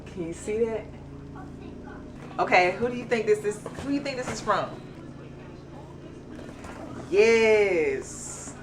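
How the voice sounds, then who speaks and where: A woman chatting casually through an unboxing, animated and excitable. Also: mid-range voice, slow, pauses often, background noise. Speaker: beauty vlogger.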